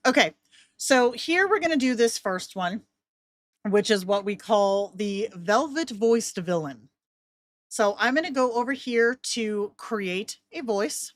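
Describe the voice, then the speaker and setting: A woman walking through a voice software tool in a casual, chatty way, with joking asides to herself. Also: medium pitch, no room sound, studio quality. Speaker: content creator.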